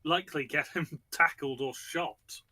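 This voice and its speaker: A man's voice: a little high, unhurried, sharp tone. A man hosting a casual book chat, rambling with many fillers and restarts. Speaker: podcast host discussing a book.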